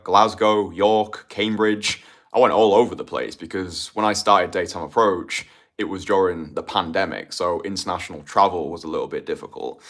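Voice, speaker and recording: A British man talks like a dating coach on a live stream, pressing each point with emphasis and checking in with a quick "right?". His voice sits a little low for a man. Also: a bit bright. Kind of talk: motivational monologue on a stream.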